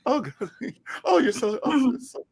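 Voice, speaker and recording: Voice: sits high, big pitch swings, moderate pace, vocal fry, slightly rough, pitched above the performer's own voice, full character voice. A speaker doing a mocking impression of a fawning female radio cohost who coos agreement in a raised voice.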